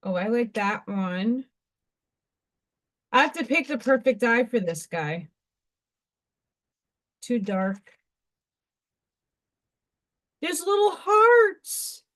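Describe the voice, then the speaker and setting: A woman hosting a craft livestream, chatting casually and excitedly while she works and talks to herself. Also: medium pitch, slow pace, pauses often. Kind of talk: casual live-stream chat while crafting.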